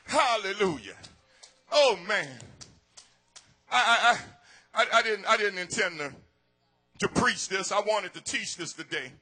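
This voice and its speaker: High-pitched, bright-voiced preacher man. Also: unhurried, long pauses, faint music behind. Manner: preaches with shouted peaks and repeated words. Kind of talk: sermon.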